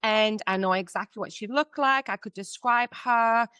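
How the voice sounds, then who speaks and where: Smooth-voiced woman telling a personal story. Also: a little high, moderate pace, bright, forceful tone, no room sound. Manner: candid, chatty storytelling with many fillers. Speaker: guest, psychic medium and mentor. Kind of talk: personal storytelling in a podcast interview.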